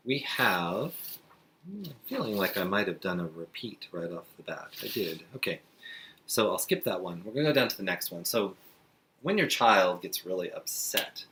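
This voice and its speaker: A man teaching beginner sign language to parents in a friendly, chatty way, slowing down while he demonstrates signs. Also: low-pitched, slight background noise. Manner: relaxed, chatty, with frequent fillers and slow demonstrating passages. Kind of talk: friendly instructional talk to parents.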